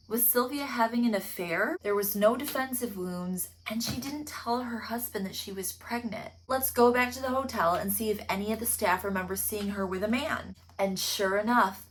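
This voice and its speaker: A woman hosting a comedic TV episode recap, telling the plot in a sarcastic, profane, lively way. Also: mid-range voice. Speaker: podcast host.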